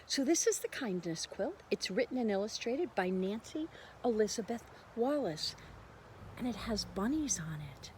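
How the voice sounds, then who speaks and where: A woman reading a picture book aloud for a church children's lesson, slow and expressive, with soft quiet asides. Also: on the high side, slight background noise, low-quality recording.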